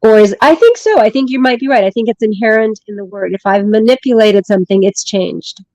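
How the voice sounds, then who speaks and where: A woman's voice: mid-range voice, expressive, brisk, darkish tone, dry recording, rough recording. A woman from the US West Coast chatting as a livestream guest, bubbly and jokey, laughing often. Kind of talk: casual live-stream chat.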